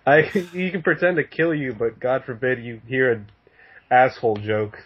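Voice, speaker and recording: A man's voice: medium pitch, moderate pace, slightly rough. A man telling a story in casual chat, swearing often and laughing. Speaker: podcast guest. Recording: dull lo-fi sound.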